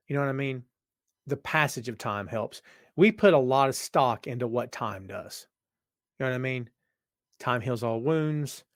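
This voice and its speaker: A man's voice: medium pitch, no echo, studio quality. A man hosting a casual live-stream talk show, his voice worn out, rambling and joking straight to viewers. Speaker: podcast host. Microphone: webcam setup.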